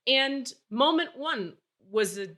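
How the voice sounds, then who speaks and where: A woman's voice: high voice, takes it slowly. A woman in her forties hosting a podcast, telling a story candidly and with exasperation. She swears freely. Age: 40s. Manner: animated, acts out dialogue while telling stories. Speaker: podcast host.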